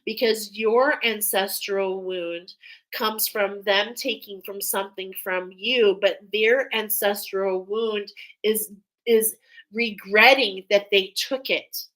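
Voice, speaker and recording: A woman's voice: medium pitch, steady tone, takes it slowly, fairly bright tone, rough recording. A woman giving an emotional, hesitant channeled spiritual reading, sighing and restarting as she speaks. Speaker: spiritual reader.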